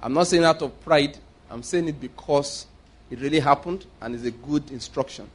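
A man's voice: medium pitch, expressive, fairly quick. Nigerian man preaching a sermon. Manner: anecdotal, swings between loud emphasis and quiet asides.

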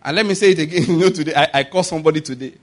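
A Nigerian-accented male preacher delivers a sermon in a slightly raised voice. He is animated, laughs often and keeps checking in with his congregation through rhetorical questions. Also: on the high side, very fast.

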